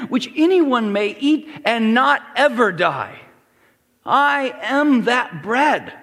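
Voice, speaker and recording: A male pastor preaching a sermon in church, animated and acting out the voices of the people in the story. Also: very high voice, big-room sound. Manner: animated preaching with acted-out voices of the crowd and Jesus. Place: church hall.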